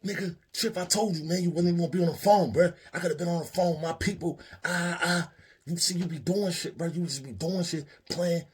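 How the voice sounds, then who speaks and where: A man voicing a quick-tempered male inmate who rants loudly and fast. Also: fairly high pitch, a little hiss or hum, voice pushed up, natural voice. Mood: angry. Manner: ranting, fast and loud.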